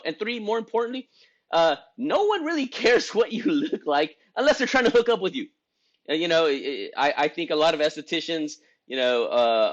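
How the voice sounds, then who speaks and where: A man's voice: fairly bright tone, lo-fi sound. A man hosting a group for estheticians, giving a casual motivational talk that rambles, with frequent restarts and self-deprecating laughs. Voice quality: voice he calls high-pitched.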